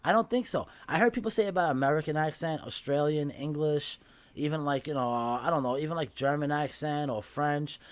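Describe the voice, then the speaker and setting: A man's voice: on the high side, a little fast. A middle-aged man with a thick Brooklyn accent, a podcast guest chatting bluntly and swearing freely. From Brooklyn, New York. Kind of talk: casual podcast chat.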